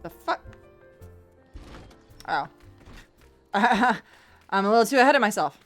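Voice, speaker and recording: Woman, streamer, casual game commentary, swears freely, mid-pitched, faint music behind. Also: animated, takes it slowly. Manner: swears freely, reads game dialogue aloud.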